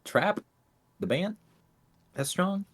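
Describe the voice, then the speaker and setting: A man co-hosting a film podcast, chiming in with jokes and quick reactions. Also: high voice. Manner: joking, lively interjections. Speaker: podcast co-host. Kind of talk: casual chat.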